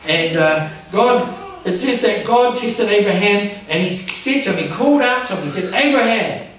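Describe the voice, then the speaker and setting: A high-voiced man preaches in a lively, playful way, laughing at his own jokes and pressing his listeners for amens. His voice comes from some way off the mic in a very echoey church hall. The congregation answers him now and then. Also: normal speed, far from the mic. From New Zealand. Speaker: pastor. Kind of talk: sermon.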